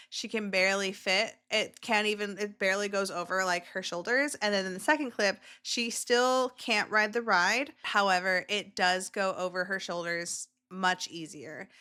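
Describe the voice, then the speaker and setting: A woman's voice: medium pitch, fairly even intonation, moderate pace, sharp tone, smooth. A woman hosting a casual reaction video who gushes emotionally over clips, with many filler words.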